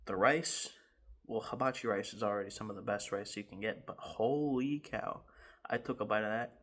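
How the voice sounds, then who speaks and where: A man in his garage telling a rambling, animated story time with laughs and restarts. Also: on the low side, normal speed. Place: home garage.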